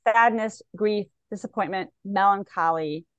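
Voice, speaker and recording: A woman, a psychic medium, talking in an interview, animated and slipping into the voices of the people she describes. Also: medium pitch, measured pace, smooth, no echo, dull audio. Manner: animated, acts out clients' voices in quotes. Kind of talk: conversational interview talk.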